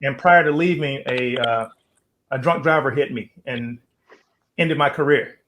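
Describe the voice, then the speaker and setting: Male talk show host, mid-pitched, reflective and earnest, faint noise in the background. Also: a little slow. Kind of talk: interview.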